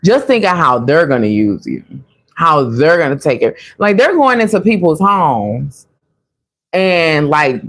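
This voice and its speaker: Low-voiced chatty woman reading tarot. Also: a little slow. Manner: chatty, animated, laughs often, addresses viewers as y'all. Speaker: tarot reader. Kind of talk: casual tarot reading to viewers.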